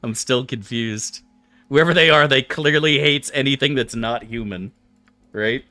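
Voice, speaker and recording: Animated, profane male game streamer. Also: mid-range voice, unhurried. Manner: animated, profane, laughs often. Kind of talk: casual game stream commentary.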